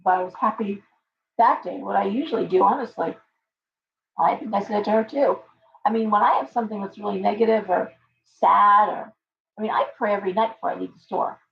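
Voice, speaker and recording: A woman's voice: mid-range voice, brisk, gravelly, muffled recording. A woman who runs a tarot shop, chatting casually on a live stream, rambling through stories and acting out her clients' lines.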